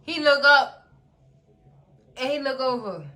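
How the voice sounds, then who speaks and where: A woman in casual recap commentary, animated and sassy, often talking straight to the characters. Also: high voice, slow pace. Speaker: recap vlogger.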